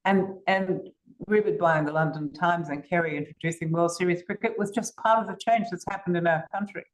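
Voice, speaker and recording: Assured older Australian woman, lowish voice. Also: a little fast, poor audio. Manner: assured, storytelling, occasional restarts. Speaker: interview guest. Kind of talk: recorded podcast interview.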